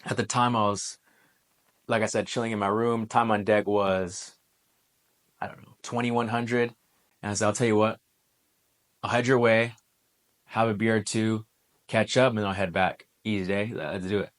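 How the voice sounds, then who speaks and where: A man in his twenties, a former Marine, telling a personal story in a relaxed, conversational way, full of military slang. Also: lowish voice, moderate pace, pauses often. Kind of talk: casual storytelling monologue.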